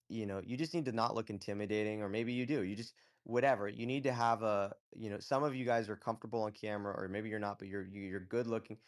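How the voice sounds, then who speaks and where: A man with a fairly low voice hosts a loose live audio chat. He coaches his listeners bluntly, swears freely, and keeps checking in with "okay?". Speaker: host.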